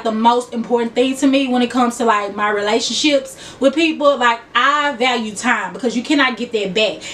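A young woman with a Memphis accent and a high voice talks straight to her viewers in a loose, giggly way. She sits a little back from the mic, so the sound is slightly distant. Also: a bit bright, a little hiss or hum. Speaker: vlogger. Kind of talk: casual get-to-know-me chat.

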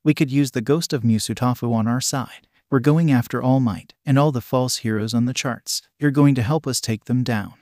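A man voicing a creepy, pushy young male villain leader with a dark, insistent tone, in a storybook reading. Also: mid-range voice, normal speed, hardly any pauses, no room sound, studio quality, close to an everyday voice.

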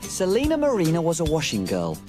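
A woman's voice: deep voice, huge pitch swings, a little fast, music in the background. A woman playing a tiny cheerful female cook, telling a story in a sing-song, bouncy children's TV style. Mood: cheery storytelling.

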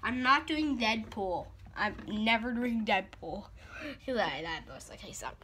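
A woman's voice: on the high side, animated, unhurried, pushed and bright, a little hiss or hum. A woman chatting casually in a vlog, rambling, giggly and self-deprecating. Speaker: vlogger.

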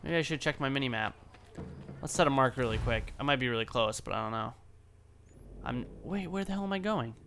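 A man's voice: mid-range voice, animated, fairly quick, a bit bright, slight background noise. A man casually commenting on his own gameplay, rambling, self-mocking and swearing freely. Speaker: let's play host.

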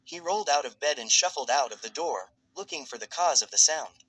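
A man reading fan fiction aloud as a narrator in a steady, even storytelling voice. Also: a little high, brisk, poor audio.

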